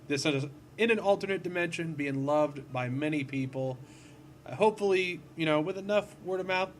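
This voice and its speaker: A man with a slightly high voice talks through a game in a loose, goofy way, rambling and laughing at his own mistakes. He sounds like a let's-play host at a desk mic, with faint ambient noise behind him. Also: a bit bright. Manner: goofy, rambling, self-deprecating. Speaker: gaming video host. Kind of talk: casual let's-play commentary.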